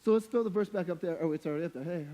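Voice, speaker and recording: A man's voice: high voice, very fast, warm tone. A young adult man preaching a sermon as a pastor, in a casual, slangy, conversational way with humorous, emphatic points.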